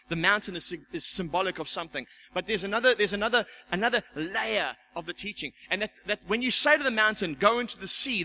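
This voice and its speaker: A man's voice: high-pitched, pushed and bright, slight background noise, low-quality recording. A man, a church elder, preaching a sermon and telling a personal testimony, acting out the voices in his story and repeating words as he goes. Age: young adult.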